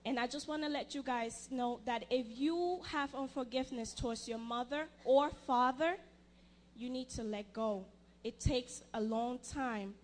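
Earnest high-voiced young woman testifying. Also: slight background noise. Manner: earnest, halting, with restarts. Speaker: church member giving testimony. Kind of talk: personal testimony in church. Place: church.

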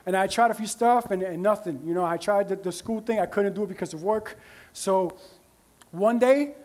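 A man's voice: high voice, moderate pace, darkish tone. A man preaching a sermon as pastor, in a conversational style with frequent "right?" asides to the congregation.

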